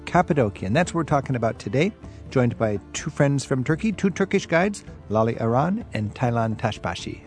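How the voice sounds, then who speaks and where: A man's voice: mid-range voice, expressive, a little fast, faint music behind. A man hosting a radio travel show, reading a scripted intro and asking guests curious questions. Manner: curious, upbeat interviewer.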